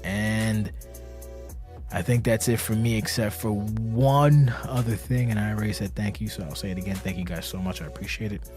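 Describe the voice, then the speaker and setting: Brief: man with a lowish voice, rambling and profane, sounds tired and anxious, faint music underneath. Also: normal speed, darkish tone. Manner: rambling, profane, self-interrupting. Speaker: community leader of an online wrestling game league. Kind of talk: casual podcast monologue. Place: indoors, seated.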